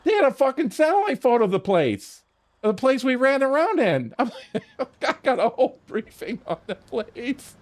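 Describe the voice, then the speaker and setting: This man has a very high-pitched voice at normal speed. While gaming, he casually narrates a long story, swearing a lot, acting out what he said and restarting often.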